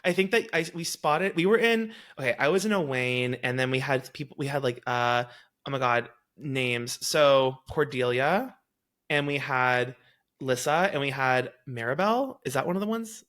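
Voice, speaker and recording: Bright giggly podcast host with Valley-girl-New York accent. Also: medium pitch, expressive, normal speed. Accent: mix of Valley girl and New York. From Texas. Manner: giggly, chatty, stumbling over words. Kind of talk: casual podcast chat.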